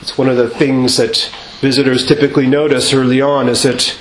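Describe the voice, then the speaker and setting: A male priest giving a measured sermon in a church, asking rhetorical questions and singing out quoted refrains. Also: medium pitch, flat delivery. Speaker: Orthodox priest. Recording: echoey church with faint ambience.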